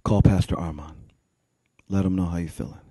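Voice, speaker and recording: A preacher voicing God as a gentle, calm male figure who speaks softly and slowly. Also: breathy edge, dry recording. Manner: soft, low and unhurried.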